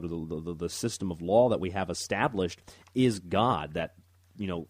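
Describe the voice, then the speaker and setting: A man's voice: low-pitched, darkish tone, no echo. A man hosting a talk radio show, rambling and stumbling over his words as he comments. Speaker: radio host.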